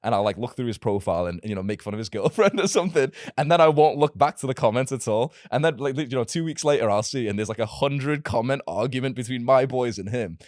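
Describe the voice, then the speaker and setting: A man's voice: medium pitch, lively intonation, fast talker, hardly any pauses, no room sound, studio quality. A young man in casual podcast conversation, talking as a self-improvement creator in a blunt, emphatic and provocative way.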